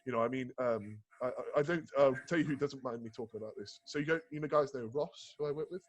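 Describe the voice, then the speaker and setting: A man's voice: mid-range voice, fast talker. A man, a bodybuilding coach as a podcast guest, talking casually in rambling, profane stories full of restarts and fillers. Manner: animated storyteller.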